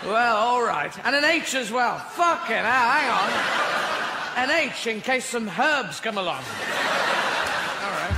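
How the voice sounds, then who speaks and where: A man's voice: very high voice, sing-song, measured pace, vocal fry, long pauses. A man with an English accent performing a rambling, playful stand-up comedy set on a large theater stage. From Britain. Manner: rambling, playful, voices imaginary characters. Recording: echoey hall with audience noise. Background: audience laughter.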